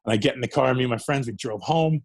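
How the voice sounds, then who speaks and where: Speaking at a racing pace in a medium-pitched voice, this middle-aged wrestler from New York laughs and swears through rambling stories in a relaxed interview. The recording is dry.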